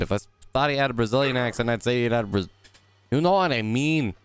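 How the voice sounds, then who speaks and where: A man's voice: rapid-fire, smooth, faint music behind. Goofy young man narrating his gameplay. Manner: goofy, silly rambling with sudden high squeals. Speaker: gaming YouTuber. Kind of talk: let's play commentary.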